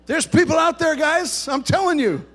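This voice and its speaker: A man's voice: very high voice, normal speed, fairly bright tone. A man preaching a sermon to a congregation, talking conversationally, joking with the listeners, and rising to emphatic bursts. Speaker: pastor.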